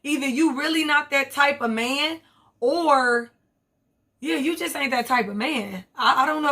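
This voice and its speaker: A woman rambles through a reality TV recap, blunt and swearing freely. Her voice sits a bit high and sounds bright and forceful. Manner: blunt, profane, rambling commentary with quoted asides. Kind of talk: casual vlog recap.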